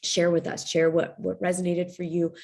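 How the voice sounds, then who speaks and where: A woman's voice: lowish voice, completely flat delivery, moderate pace, gravelly, darkish tone. A woman in her forties, a writing coach giving a candid, confiding motivational talk to writers.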